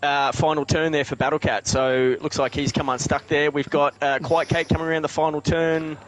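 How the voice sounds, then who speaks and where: Man, race co-commentator, steady and informative, monotone, faint hiss. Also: a little high, fairly quick, rough recording. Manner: steady, informative, with filler ums. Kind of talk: sim racing commentary.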